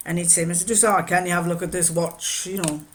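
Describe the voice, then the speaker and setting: A woman's voice: lowish voice, steady tone, fast talker, a little hiss or hum. Older woman telling rambling anecdotes. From northern England. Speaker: sewing vlogger. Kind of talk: casual chat.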